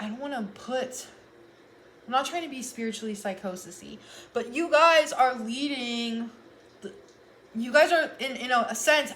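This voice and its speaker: A woman's voice: on the high side, a bit bright, a little hiss or hum. Earnest, rambling young woman reading tarot. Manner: rambling, earnest, often restarts sentences. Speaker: tarot reader. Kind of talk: casual tarot reading vlog.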